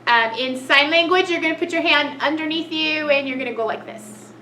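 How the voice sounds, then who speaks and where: A woman's voice: high-pitched, fairly quick, sharp tone. A woman teaching a cheerful children's lesson, gasping with delight at each new picture. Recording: echoey room, faint noise.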